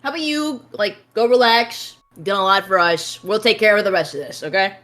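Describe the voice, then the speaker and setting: A woman's voice: medium pitch, a little fast, fairly bright tone, faint music behind. A woman playing a tabletop game, talking casually in a laid-back way with frequent laughter. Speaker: player.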